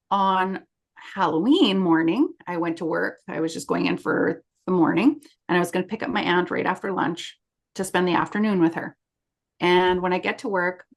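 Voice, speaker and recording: A woman's voice: fairly low pitch, steady tone, moderate pace, creaky. A middle-aged woman co-hosting a podcast, telling a story in casual chat and acting out the quoted lines of others. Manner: chatty, acts out quoted dialogue. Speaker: podcast co-host.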